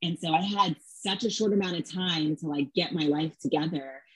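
A woman's voice: deep voice, normal speed, fairly bright tone, breathy edge, no room sound, poor audio. A woman in her thirties, a interview guest, telling a story in a chatty way full of fillers and acted-out quotes. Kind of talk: casual storytelling.

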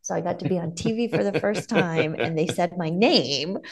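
A woman from Ohio, a stand-up comedian, chatting in an animated, encouraging way. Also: lowish voice, moderate pace. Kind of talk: casual chat.

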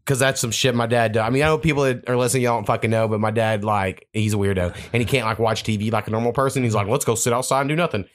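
A young man hosts a casual podcast chat, talking fast at an ordinary pitch. He rambles from one story to the next and swears freely as he goes. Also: steady tone. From Oklahoma. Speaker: podcast host.

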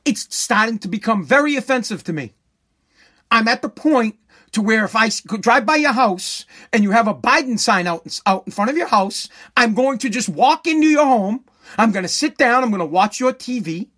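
A man's voice: very high voice, lively intonation, normal speed, bright, forceful tone. A man ranting in a profane, sarcastic, indignant way. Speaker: ranter. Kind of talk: profane comedic rant.

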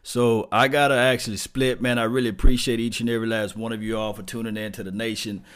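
Low-voiced man hosting a casual sports stream. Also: little pitch movement, fast, a bit bright, clear, resonant tone. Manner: loose, repetitive, chuckling, reads out viewer names.

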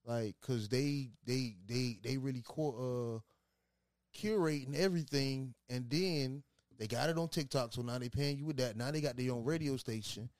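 A man hosting a casual chat, slangy and animated, repeating himself. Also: mid-range voice, moderate pace, no room sound, clean studio sound. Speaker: host.

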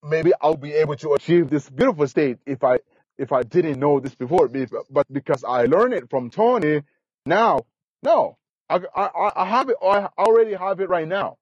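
A man's voice: a little high, moderate pace, no room sound, dull audio. A man as a podcast guest, talking earnestly and enthusiastically, repeating himself, with uneven grammar. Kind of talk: casual interview.

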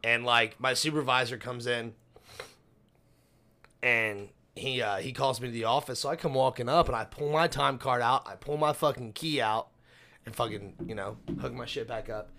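A man's voice: medium pitch, moderate pace, bright, forceful tone. A young man co-hosting a podcast, telling a work story bluntly and swearing freely in casual chat. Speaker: podcast co-host.

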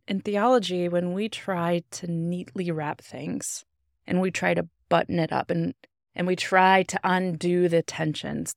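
Woman in her 30s, co-host, low gravelly voice, dry close mic. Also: no room sound. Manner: warm agreeing interjections, reflective. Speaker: pastor and podcast co-host. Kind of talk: casual theological chat.

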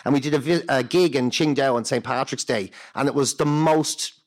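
A man's voice: medium pitch, fairly quick. A man with a Dublin accent, a comedian telling tour stories in casual chat, laughing often. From Ireland. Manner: animated anecdotes, laughs often, acts out voices in quotes. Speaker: stand-up comedian guest.

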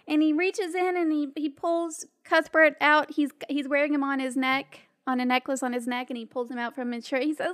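A woman running a tabletop role-playing game as game master, narrating in a casual, halting way with frequent restarts. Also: sits high, fairly even intonation, fairly bright tone.

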